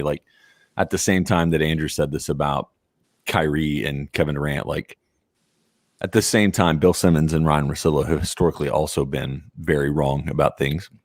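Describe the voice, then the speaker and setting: A man's voice: extremely low pitch, no room sound, clean studio sound. A young adult man hosting a casual sports podcast, rambling through his thoughts with an easy joking manner. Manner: joking, then rambling analysis. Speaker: podcast host. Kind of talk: casual chat.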